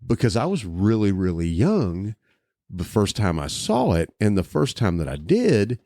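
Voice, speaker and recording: Low-pitched male podcast co-host, animated and laughing, dry studio mic. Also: measured pace, no room sound. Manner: animated, laughing storyteller with many restarts. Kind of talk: casual podcast chat.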